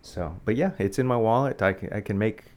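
Very deep-voiced woman hosting a podcast. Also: a little fast, darkish tone. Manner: rambling, self-mocking, restarts often. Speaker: podcast host. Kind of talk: casual podcast chat.

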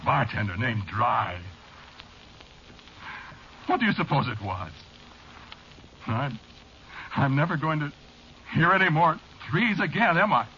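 An actor playing a frightened man who is being hunted, pleading and panicky, in old-time radio drama style. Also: fairly high pitch. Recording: dull, hissy old radio recording.

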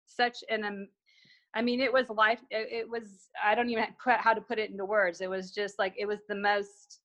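Bright-voiced woman telling a story. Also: medium pitch, little pitch movement, moderate pace. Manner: acts out remembered dialogue, trailing restarts. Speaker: guest. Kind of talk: conversational storytelling.

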